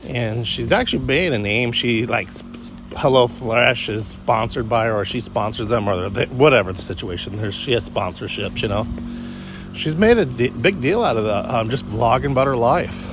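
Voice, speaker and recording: This walk-and-talk vlog features a man speaking at a moderate pace in a mid-range voice, drifting between thoughts during his morning walk. He keeps interrupting himself and starting sentences over. Background noise is present.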